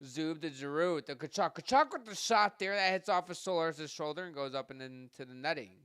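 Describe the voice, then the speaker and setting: Bright-voiced man calling hockey play-by-play. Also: fairly high pitch, expressive, clean tone, no room sound, clean studio sound. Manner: rapid play-by-play that jumps louder on shots and goals; chatty asides to listeners. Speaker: podcast host doing live play-by-play. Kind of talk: live hockey play-by-play commentary.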